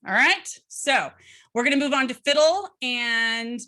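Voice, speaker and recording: A woman's voice: sits high, measured pace, bright, forceful tone. A woman teaching a violin lesson in a chatty, upbeat way, with fillers and asides between demonstrations. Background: violin playing between phrases.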